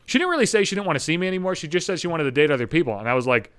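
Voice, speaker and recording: A man's voice: a little high, big pitch swings, rapid-fire, fairly bright tone, clean tone, no echo, clean studio sound. A young adult man hosting a podcast, telling a rambling, swear-filled story in an exasperated way. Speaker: podcast host. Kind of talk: profane storytelling monologue.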